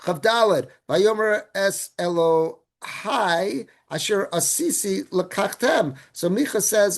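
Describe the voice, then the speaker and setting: A man teaching as a rabbi, reading Hebrew verses and then retelling them in casual, animated English. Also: high-pitched, a little slow, few pauses. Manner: animated storytelling. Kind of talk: Torah class.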